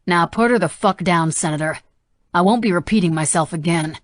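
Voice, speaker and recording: A jittery young man , as a woman narrator voices him, spits out sneering, crude threats in an audiobook. His delivery is menacing and unstable. The voice sits fairly low and the recording is close and dry. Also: brisk, no room sound, lightly acted. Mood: threatening. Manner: sneering, foul-mouthed threats.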